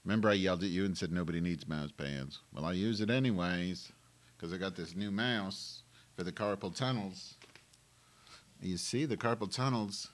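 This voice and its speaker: A man with a somewhat low voice rambles through a live home webcam show on a wireless mic. His talk is erratic and profane, with sudden loud bursts between stretches of muttering. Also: normal speed. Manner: profane, erratic, abrupt outbursts. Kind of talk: rambling live-stream monologue. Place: home, moving into the kitchen.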